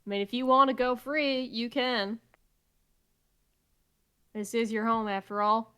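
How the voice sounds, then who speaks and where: A woman's voice: on the high side, fairly even intonation, unhurried, sharp tone, clear, resonant tone. A woman playing a tabletop game who laughs often. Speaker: player.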